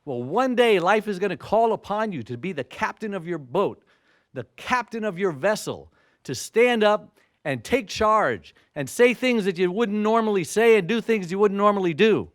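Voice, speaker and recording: Animated man in his sixties telling a story. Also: high voice, moderate pace, no room sound, clean studio sound. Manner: animated storyteller who acts out dialogue. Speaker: motivational speaker. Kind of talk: storytelling speech to an audience.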